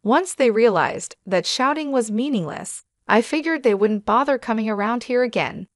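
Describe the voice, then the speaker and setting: A woman narrating a scripted first-person story with an even, steady reading. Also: on the high side, moderate pace, dry recording, clean studio sound.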